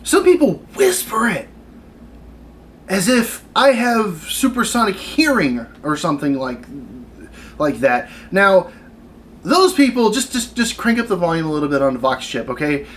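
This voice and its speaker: A man in his thirties delivers a comedic rant with exasperated sarcasm, his fairly high voice swinging widely up and down. A faint hiss sits under the recording. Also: big pitch swings, measured pace, fairly bright tone. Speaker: retail worker venting on camera.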